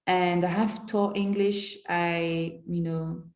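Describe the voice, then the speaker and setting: A woman's voice: on the low side, little pitch movement, slow pace, darkish tone. Chatty French-accented woman, echoey room. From France. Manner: rambling, chatty, many fillers like "you know" and "like". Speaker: language teacher and vlogger. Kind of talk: casual vlog monologue. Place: hostel in Mexico.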